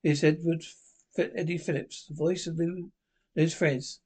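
A man's voice: a little high, fairly even intonation, measured pace, darkish tone, slightly rough. A man playing a brash small-town radio disc jockey with announcer patter. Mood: showy.

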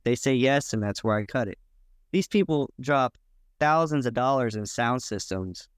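A man as a podcast guest, explaining his work in a relaxed, plainspoken way. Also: mid-range voice, moderate pace, clear, resonant tone, no echo. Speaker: guest, boat builder. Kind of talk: casual podcast chat.

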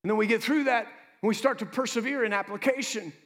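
A man preaching a sermon as pastor, with lively asides to the congregation. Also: very high voice, fast, long reverb tail.

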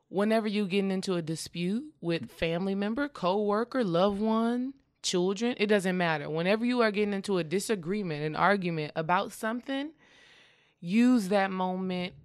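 A woman with a smooth, mid-range voice speaks in casual conversation, earnestly sharing her own experience and coaching the listener while often checking in with "okay?" She acts out quoted dialogue in lively voices. The recording is clean studio sound with no room sound.

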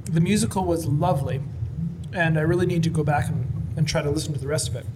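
A man's voice: a little high, quick pace. A man from Canada hosting a casual food-review chat, enthusiastic and playful. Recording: clear background noise.

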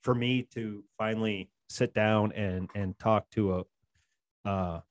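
A man with a fairly low voice in casual podcast banter. He jokes and swears freely and often stumbles over his words. He restarts his sentences a lot. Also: steady tone, slow.

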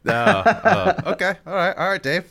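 A man's voice: sits high, steady tone, normal speed, creaky, sharp tone. A man co-hosting a podcast, trading sarcastic, jokey banter about sports teams. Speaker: podcast co-host.

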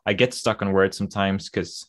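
A low-voiced Swedish man speaks English with an Americanized accent he picked up by listening. He talks in a casual, halting way, restarting his sentences often as a podcast guest. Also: fairly even intonation. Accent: Swedish-influenced American English. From Sweden. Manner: hesitant, many restarts and fillers. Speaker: podcast guest, digital artist.

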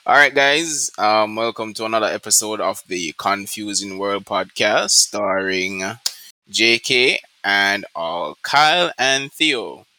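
A man's voice: on the low side, takes it slowly, pushed and bright. A young man hosting a casual podcast, tired after a sleepless night, easygoing and calling everyone bro. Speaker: podcast host. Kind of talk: casual chat.

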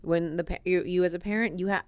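A woman's voice: on the low side, fairly even intonation, quick pace, darkish tone, clean tone, no room sound. A woman co-hosting a casual parenting podcast, talking in a thoughtful, reflective way and often restarting her sentences. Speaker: podcast co-host.

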